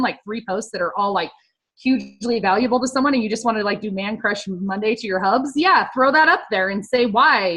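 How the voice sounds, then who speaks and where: A woman's voice: mid-range voice, fairly bright tone, low-quality recording. A woman in her thirties, a fitness coach, talking casually and upbeat about social media tips, with lots of fillers.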